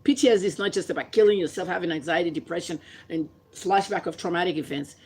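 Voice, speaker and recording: A woman's voice: fairly low pitch, fast, a little mellow, slightly rough. A woman from Nigeria with a Nigerian accent, vlogging her opinions in an impassioned, combative rant full of rhetorical questions. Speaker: vlogger and commentator.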